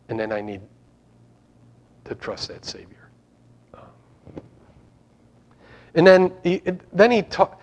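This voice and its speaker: A man preaching an informal sermon to his congregation, rambling and conversational with frequent restarts. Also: sits high. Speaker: pastor.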